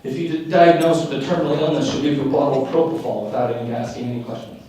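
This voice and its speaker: A man's voice: medium pitch, steady tone, fast talker, dark tone, slight background noise. A young man performing live stand-up comedy, telling wry self-mocking stories and acting out the dialogue. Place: live venue before an audience. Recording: very echoey room, voice from far off.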